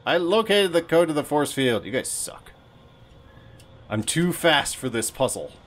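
Animated jokey man streaming a game. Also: on the high side, unhurried, a little hiss or hum. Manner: animated, jokey, mock-dramatic, swears. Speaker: streamer playing an online game. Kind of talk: casual gameplay commentary.

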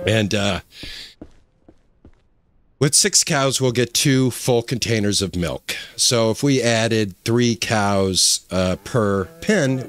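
Chatty man narrating his ranch game. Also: fairly low pitch. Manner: rambling, halting, many fillers and restarts. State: emotional, choked up. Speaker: gaming channel host. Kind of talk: casual gameplay commentary.

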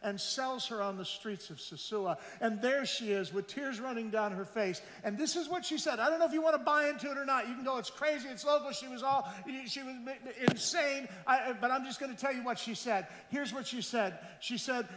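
Man, preacher, storytelling sermon, high-pitched voice, roomy church hall, long reverb. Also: normal speed, few pauses, a bit bright. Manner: conversational preaching, asks the audience questions, quotes people he met. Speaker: missionary speaker.

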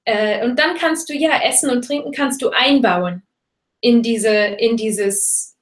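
A woman's voice: a little high, unhurried. A woman hosting a live webinar as a German teacher, talking casually and hopping between German and English with fillers and restarts. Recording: roomy echo.

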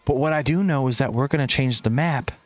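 A man's voice: mid-range voice, a little fast, faint music behind. A man casting an esports match live with playful play-by-play, inventing silly words and chatting with viewers between plays. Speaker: esports caster.

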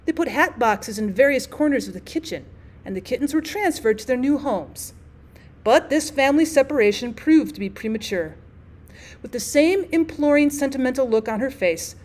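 A woman teacher reading a classic short story aloud, expressive, with an occasional stray filler word. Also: sits high, moderate pace. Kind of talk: audiobook narration of a classic story.

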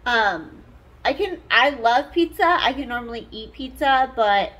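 Speaking a little slowly and expressively, a woman with a slightly high, somewhat bright voice vlogs casually from a hotel room. She is a mother of twins who rambles as she tells stories, filling them with "like."

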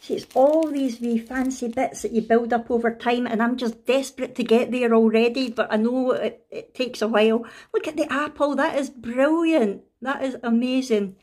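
A Scottish woman in a casual craft unboxing vlog, excitable and gushing, with frequent gasps and delighted exclamations. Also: a little high, moderate pace, hardly any pauses. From Scotland. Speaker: craft vlogger.

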